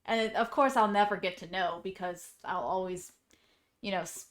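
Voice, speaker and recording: A woman's voice: mid-range voice, normal speed. A woman streamer chatting casually and rambling as she reacts to viewer comments. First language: English. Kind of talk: casual chat.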